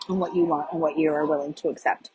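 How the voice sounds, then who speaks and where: A woman hosting a podcast, telling a confessional story in a halting way, with frequent fillers and restarts, while chewing a peppermint. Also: sits low, steady tone, darkish tone, poor audio. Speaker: podcast host. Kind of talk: confessional monologue.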